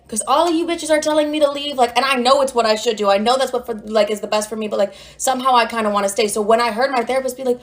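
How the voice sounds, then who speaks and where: A woman's voice: on the high side, rapid-fire, hardly any pauses. A young woman casually telling a story about her ex, brash and full of swearing. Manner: brash, profane, animated retelling.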